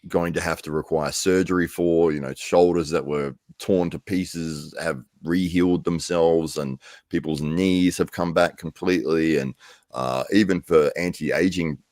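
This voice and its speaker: Podcast guest: man, extremely low voice, measured and thoughtful, dry close sound. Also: steady tone, a little mellow, no room sound. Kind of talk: casual podcast chat.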